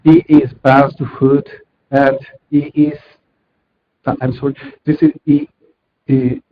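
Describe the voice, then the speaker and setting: A man's voice: mid-range voice, little pitch movement. A man giving a technical conference presentation over a video call, speaking hesitantly and correcting himself as he goes. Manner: hesitant, halting with self-corrections. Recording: muffled video-call audio.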